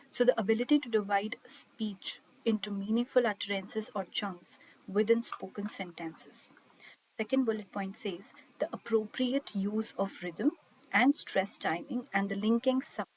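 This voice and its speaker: Breathy woman teaching an online class. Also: mid-range voice, poor audio. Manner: explains slide points plainly, with frequent "okay" and "uh". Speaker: IELTS teacher.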